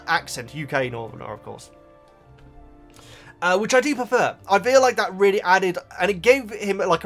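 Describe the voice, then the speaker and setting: Young man with a slight Bristolian accent, a lively voice that bounces around, rambly chat to the viewers. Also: sits high. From Oxfordshire, England. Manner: chatty, rambling, often laughing, addresses the viewers as guys. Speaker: book vlogger. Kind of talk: casual chat.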